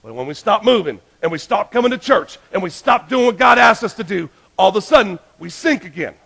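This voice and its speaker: A male pastor delivering a sermon in a high voice with a gravelly edge. He preaches emphatically, pushing some lines out loud and urgent and dropping others almost to a hush. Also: expressive, fairly quick, few pauses. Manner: emphatic, swings between loud urgent lines and hushed ones.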